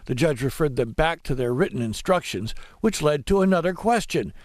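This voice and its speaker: A male news reporter reads his story steadily and in a measured way, his voice sitting a little high for a man. The recording is dry and close, with no room sound or echo.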